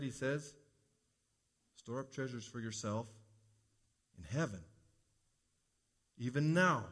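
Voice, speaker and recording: A man preaching a sermon as pastor, earnest and rising to emphatic peaks. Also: mid-range voice.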